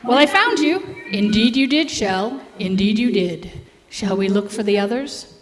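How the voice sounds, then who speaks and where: A woman lowering her voice to play a solemn, deadpan male egg. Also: natural voice. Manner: slow, solemn, low. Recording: echoey hall.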